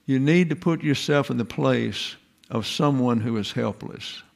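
A man's voice: medium pitch, measured pace, gravelly. A man giving an informal lecture in a folksy, digressive way, full of rhetorical questions.

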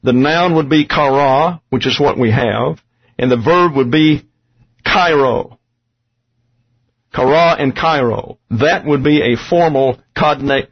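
A man's voice: mid-range voice, husky. A man teaching a Bible study lesson on Greek grammar, explaining terms step by step with dry asides. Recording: dull lo-fi recording.

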